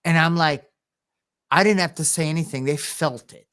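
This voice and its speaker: A man co-hosting a podcast, telling rambling personal stories, often chuckling and clearing his throat. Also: on the high side, normal speed, fairly bright tone. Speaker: podcast co-host. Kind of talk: casual podcast conversation.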